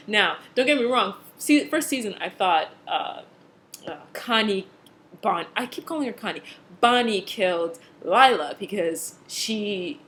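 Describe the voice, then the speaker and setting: A woman's voice: medium pitch, fairly bright tone. A woman talking casually at home as she recaps a TV episode, gossipy and full of laughs and fillers, acting out the characters' lines as she goes. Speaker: TV episode reviewer. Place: home room with a cat.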